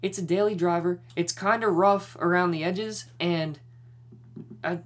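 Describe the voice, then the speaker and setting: A man's voice: sits high, fairly even intonation, measured pace. A young man co-hosting a podcast, retelling a story in casual chat with lots of swearing and worked-up energy.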